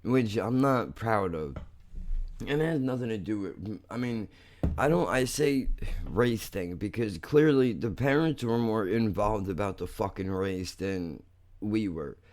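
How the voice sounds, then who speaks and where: Young guy going off on a podcast rant, cussing a lot, kinda low voice. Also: animated, darkish tone. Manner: blunt, profane, quick to anger, rambling. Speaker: podcast host. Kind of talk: casual monologue.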